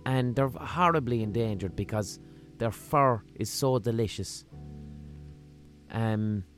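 A man with a Limerick Irish accent hosting a podcast, rambling through a casual comic monologue in a profane, deadpan-humorous way. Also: on the low side, slow, soft background music. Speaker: podcast host.

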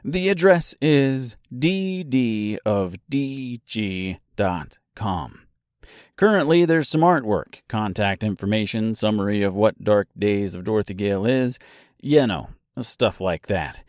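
A man's voice: fairly low pitch, animated, slow, a little mellow, no room sound, studio quality. A man hosting a solo book discussion podcast, chatty and playful, fond of puns and dad jokes, talking straight to his listeners. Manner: chatty, addresses listeners directly. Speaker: podcast host and author.

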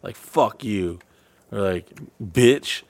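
A man co-hosting a podcast in casual, profane banter, rambling with restarts and sudden loud impressions. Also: on the low side, slow pace, dry recording. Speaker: podcast co-host.

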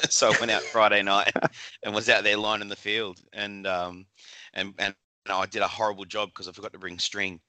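A man with an Australian accent tells stories casually as a podcast guest, laughing often and stumbling through fillers and restarts. His voice is low and very bright, with a dry sound right on the mic. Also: level tone, moderate pace, clear, resonant tone, no room sound. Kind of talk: casual interview chat.

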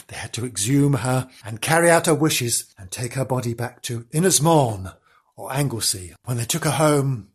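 A woman hosts a playful storytelling podcast with a husky, breathy voice. Her pitch swoops about in a lively, sing-song way. She tells the tale theatrically, with gasps, jokes and words she says again and again. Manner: theatrical, gasping and jokey, with self-interrupting repetitions. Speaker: podcast host.

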